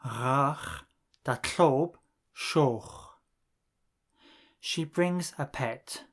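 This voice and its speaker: A man teaching a scripted language lesson, saying phrases slowly and deliberately and pausing so the listener can repeat them. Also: medium pitch. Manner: slow, deliberate drilling with pauses for repetition.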